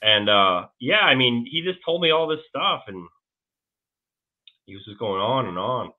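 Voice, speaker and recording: A man being interviewed as a guest, telling a long story in a rambling, halting way with many restarts. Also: medium pitch, animated. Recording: tinny phone-like line.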